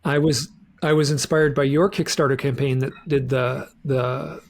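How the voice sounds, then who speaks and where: Gravelly man rambling with restarts. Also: medium pitch, little pitch movement, normal speed. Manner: rambling, many restarts and repeated words. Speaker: guest author. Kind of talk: casual interview chat.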